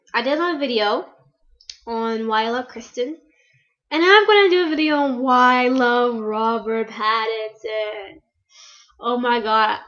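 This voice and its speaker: A woman's voice: a little high, a bit bright. Gushing teenage girl, lo-fi webcam sound. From United States. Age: teen. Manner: gushing, rambling with many fillers. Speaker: vlogger. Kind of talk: casual fan vlog.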